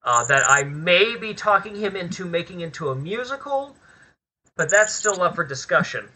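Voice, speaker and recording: A man's voice: high voice, expressive, normal speed, pushed and bright, poor audio. A man talking as a guest on a casual podcast interview, candid and chatty, swearing freely. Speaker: podcast guest, filmmaker and actor.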